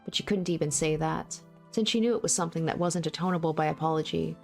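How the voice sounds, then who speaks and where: A woman reading a visual novel aloud in the first person, in a steady, measured way. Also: low voice, gravelly, faint music behind. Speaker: let's play narrator.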